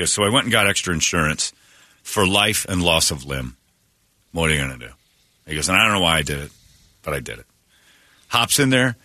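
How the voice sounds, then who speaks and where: A man's voice: lowish voice, pushed and bright, dry recording, clean studio sound. A man hosting a morning radio show, animatedly retelling a story with quoted voices and many restarts. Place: radio studio. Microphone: studio microphone.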